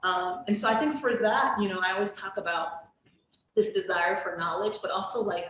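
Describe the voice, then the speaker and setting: A woman's voice: medium pitch, normal speed, a bit bright. A woman academic guest speaker telling stories in a chatty way, with frequent ums and likes, and laughing easily. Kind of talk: conversational storytelling. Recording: roomy, distant mic with faint noise.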